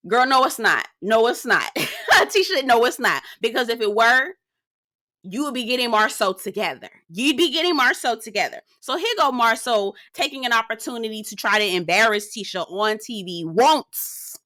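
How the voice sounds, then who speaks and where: Young woman TV reviewer: bright, sharp tone, animated and profane, punchy repetition. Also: on the high side, normal speed. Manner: animated, profane, emphatic repetition, laughs often. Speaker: TV show reviewer. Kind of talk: casual reality TV recap commentary.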